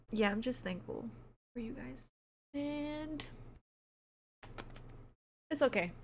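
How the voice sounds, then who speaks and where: A woman's voice: on the high side, a little hiss or hum. A woman streamer chatting casually, reading out her viewers' messages and laughing often as she thanks them.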